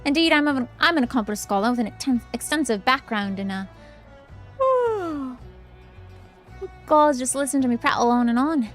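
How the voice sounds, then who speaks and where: A self-important young scholar who rambles on in prim, formal speech, as a woman reads her out from a fantasy game. Her voice sits fairly high, with faint music in the background. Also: expressive, normal speed. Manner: long-winded, prim and formal.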